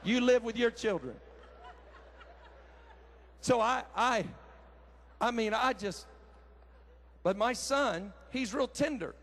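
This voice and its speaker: A high-pitched man in his thirties preaching to a crowd. He tells homespun family stories in an animated way, jumping into loud acted quotes. A lively, folksy pulpit style. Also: takes it slowly, pauses often. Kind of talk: sermon with personal story. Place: large conference hall.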